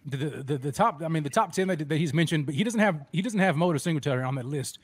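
A man hosting a casual sports fan show, excitable and restarting his sentences with repeated words. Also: fairly high pitch, quick pace, no echo. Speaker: host.

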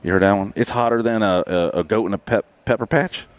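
A man's voice: fairly low pitch, fast. A man hosting a casual live podcast from a racetrack, rambling and joking with lots of restarts. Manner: rambling, joking, many restarts and filler words. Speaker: podcast host. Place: racetrack grandstand overlooking the pit.

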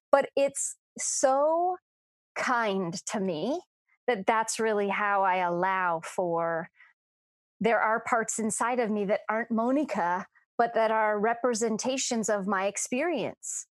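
A woman's voice: a little high, measured pace, dry recording. Woman coach, podcast chat; earnest, reflective, dry close sound. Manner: earnest, reflective, frequent restarts.

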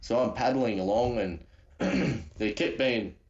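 A man's voice: mid-range voice, takes it slowly, darkish tone, highs cut off. An Australian man calling in as a guest, telling a story in a rambling, slangy way with many restarts. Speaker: guest caller. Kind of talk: casual storytelling.

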